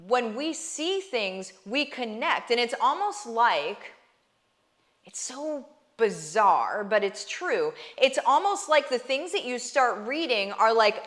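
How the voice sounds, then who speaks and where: Earnest woman with a higher voice. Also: expressive, slow, a bit bright. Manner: earnest, emphatic, often asks "right?" and calls listeners "guys". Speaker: online business coach and vlogger. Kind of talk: heartfelt faith talk to camera.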